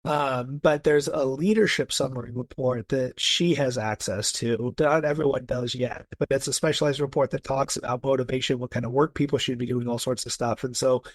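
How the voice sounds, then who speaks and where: A man's voice: mid-range voice, fairly even intonation, normal speed, few pauses, no echo. A man talking eagerly as a podcast guest, telling stories in a casual, enthusiastic way with frequent restarts. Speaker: guest, personality coach.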